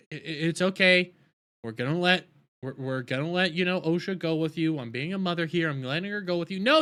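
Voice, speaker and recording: A man with a high, bright voice rants through an episode recap. He gets exasperated and stumbles over his words, restarting sentences as he goes. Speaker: TV show reviewer.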